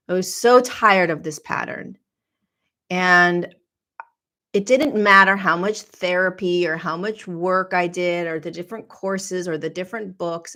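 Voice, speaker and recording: A woman's voice: lowish voice, a bit bright. A woman podcast host telling a personal spiritual story in an earnest, confessional way.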